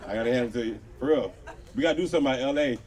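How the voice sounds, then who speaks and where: An LA comedian in his thirties works an outdoor patio crowd in a loose, profane stand-up set heavy on crowd work. His mid-range voice has a darkish tone and comes at a rapid-fire clip. The live audio is distant, with the audience laughing.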